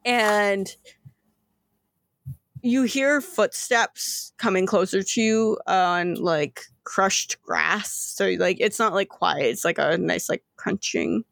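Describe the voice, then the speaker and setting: A woman running a tabletop game as game master, setting scenes in an unhurried, playful way. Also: mid-range voice, gravelly, a bit bright, no echo, studio quality.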